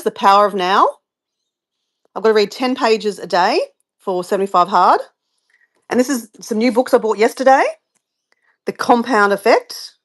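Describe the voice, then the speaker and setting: Chatty middle-aged Australian woman rambling. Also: mid-range voice. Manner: rambling, chatty, sidetracked, answers viewer comments. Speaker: vlogger livestreaming her morning routine. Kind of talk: casual live-stream chat to viewers.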